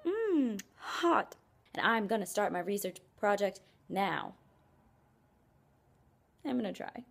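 She speaks unhurriedly, in a medium-pitched, creaky voice. A young woman at college, she's talking casually to camera in her apartment, meandering through self-mocking complaints sprinkled with plenty of "like."

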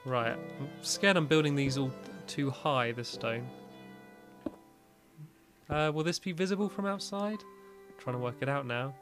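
A man chats his way through a building game, rambling and dotted with fillers and little laughs. His voice sits in an ordinary middle pitch. Quiet music plays underneath. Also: measured pace. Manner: chatty and rambling, with frequent "like" fillers and small laughs. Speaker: gaming video host. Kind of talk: casual gameplay commentary.

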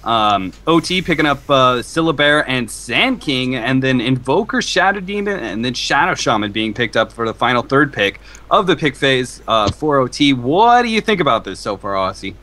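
Man, esports play-by-play caster, bright punchy tone, playful banter. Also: mid-range voice, moderate pace, hardly any pauses. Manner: joking, excitable banter. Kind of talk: game commentary.

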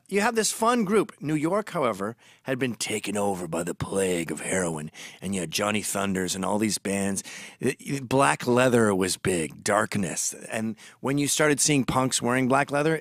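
A man's voice: on the high side, a bit bright, dry recording, studio quality. A man hosting a storytelling monologue, gossipy and blunt, turning urgent and emphatic when he warns. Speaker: host.

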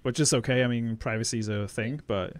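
A man's voice: medium pitch, steady tone, fairly quick. A man hosting a game stream, chatting in a rambling, easygoing way with many restarts. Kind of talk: casual gameplay chat.

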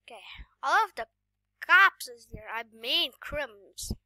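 A woman giving casual gameplay commentary while sick, coughing now and then, excitable and often dropping to a whisper. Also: sits high, measured pace, dry recording. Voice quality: voice sounds off today. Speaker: gaming YouTuber.

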